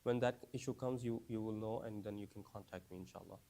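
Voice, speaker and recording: A man with a lowish, dark voice and fairly even intonation teaches a class of new Muslims at a quick pace. He speaks casually and conversationally, repeating phrases, quizzing the class, and often asking "right?" or "you understand?".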